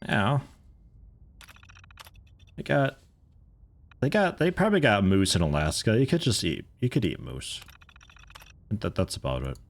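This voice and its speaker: A man's voice: on the low side, sing-song, a little slow, gravelly, long pauses. A young man giving rambling, laid-back let's play commentary, swearing and chuckling now and then. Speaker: streamer playing a video game.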